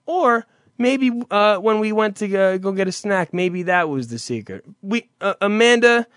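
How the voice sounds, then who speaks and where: A man hosting a podcast, teasing his cohost with profane, rambling stories and loud impressions. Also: high voice, expressive, moderate pace, clear, resonant tone, dry recording, studio quality. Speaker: podcast host. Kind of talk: casual profane banter.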